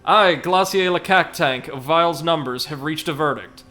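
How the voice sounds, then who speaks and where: A man's voice: fairly high pitch, moderate pace, sharp tone, soft background music. A man voicing a grandiose villain king from a video game, speaking in a made-up generic European accent. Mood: pompous. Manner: grandiose, theatrical pronouncements. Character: pompous self-proclaimed villain king boss, male.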